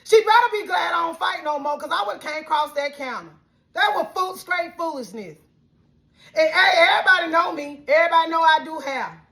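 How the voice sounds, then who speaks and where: A woman from Alabama with a Southern accent, venting heatedly to her followers about a rude fast-food worker, cursing and at times close to tears. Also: extremely high pitch, creaky, sharp tone. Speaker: vlogger. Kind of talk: emotional venting rant.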